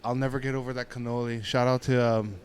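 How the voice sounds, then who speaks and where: A man's voice: mid-range voice, little pitch movement, fast. A man from Hawaii hosting a podcast, talking in a laid-back, profane, casual way. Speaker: podcast host.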